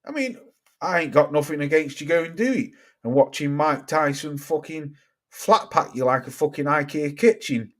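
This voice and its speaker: A man's voice: a little high, moderate pace. Sweary man ranting at chat. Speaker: streamer. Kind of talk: casual chat.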